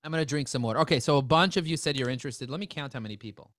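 Man, webinar presenter, energetic, joking sales patter, dry close sound. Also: medium pitch, very fast, dry recording.

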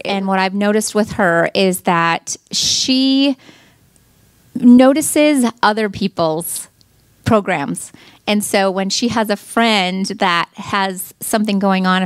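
A woman's voice: mid-range voice, clear, resonant tone, no room sound. Earnest mother with a dry close sound. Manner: earnest, halting with restarts. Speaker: mother giving a testimonial. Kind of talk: personal testimonial.

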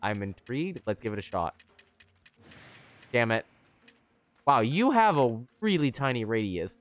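A man giving chatty, excitable live commentary on a game he is playing, with sudden high squeals. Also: a little slow, no echo, soft background music. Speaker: streamer.

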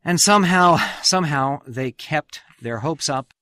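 A man's voice: fairly high pitch, a little slow, sharp tone, dry recording. A man hosting a radio history program, telling the story with emphatic, swelling stresses on key words. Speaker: radio host.

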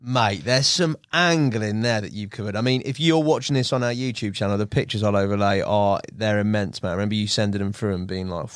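A man's voice: on the low side, a little fast, few pauses, no echo. Male podcast host, chummy interviewer, calls everyone "mate", dry sound. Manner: friendly, calls the guest "mate" constantly. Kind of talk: casual interview.

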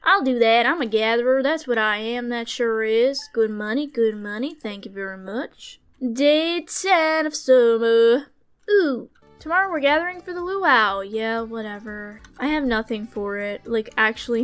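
A woman's voice: on the high side, normal speed, soft background music. A young woman giving casual commentary on a farm game, dramatic, talking straight to the characters and gasping at finds. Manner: dramatic, talks to the game characters, sudden gasps. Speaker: gamer.

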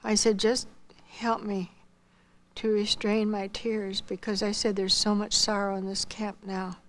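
A woman's voice: mid-range voice, level tone, unhurried. A woman giving a spoken missionary testimony, telling her story earnestly and quoting the dialogue.

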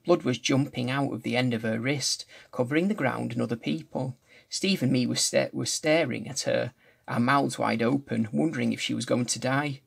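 A man's voice: mid-range voice, normal speed, creaky, slightly rough. A man reading a novel aloud chapter by chapter, now and then stumbling and restarting a line. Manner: restarts and corrects slips while reading. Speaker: reader.

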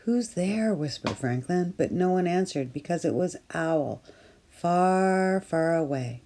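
A woman reading a children's picture book aloud for storytime, gently and clearly. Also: sits low, measured pace. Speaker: storytime reader at early years centre.

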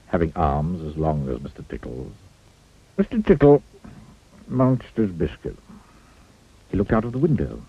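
A man reads a children's story aloud, playful and chatty with the listener. His voice is husky and swings widely in pitch, and the sound is thin like a phone line with faint music underneath. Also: no echo. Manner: playful, asks the listener questions. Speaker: storybook reader.

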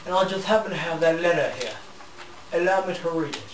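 A man's voice: on the high side, brisk, reverberant, distant mic, a little hiss or hum, poor audio. A man hosting a comedic parody, ranting in a blustery, mock-indignant way and sometimes slipping into fake foreign gibberish. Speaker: parody show host.

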